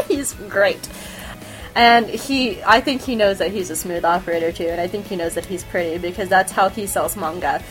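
Brief: excitable woman host, casual chat, laughs and swears freely. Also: medium pitch, moderate pace, soft background music. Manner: animated, giggly, profane fangirl gushing. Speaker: podcast host.

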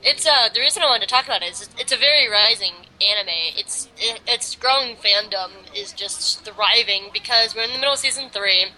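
Young woman, co-host, casual rambling chat, giggly, very bright sharp voice, slightly high pitch. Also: brisk, few pauses, rough recording. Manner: rambling, giggly, lots of fillers. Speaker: podcast co-host.

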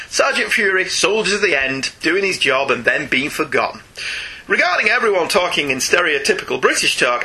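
Jokey podcast guy reading out emails, really bright voice, lively pitch. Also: brisk, husky. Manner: chatty, jokey. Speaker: podcast host.

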